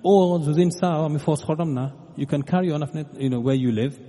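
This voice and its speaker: A man telling a religious story as a lively storyteller, acting out the quotes and slipping into another language now and then. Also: a little high, a little fast, in a large hall. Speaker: preacher.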